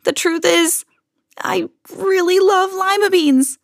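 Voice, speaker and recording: A woman voicing a young girl who speaks in a high, emphatic way in a storybook read-aloud. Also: huge pitch swings, a little slow, creaky, dry recording, studio quality, full character voice. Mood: excited. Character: young girl, stubborn then excited.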